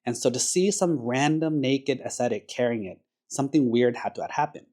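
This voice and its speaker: A man's voice: mid-range voice, fairly quick, a little mellow. A man, a Buddhist monk, giving a sermon in a conversational storytelling way, sprinkling in casual fillers. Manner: conversational, uses casual fillers like "like" and "you know"; storytelling, acts out quoted characters.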